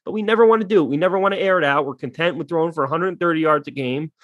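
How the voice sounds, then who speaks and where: A man's voice: a little high, very fast, fairly bright tone, dry recording, muffled recording. A man ranting bluntly in casual sports talk, swearing freely and getting heated. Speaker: podcast co-host.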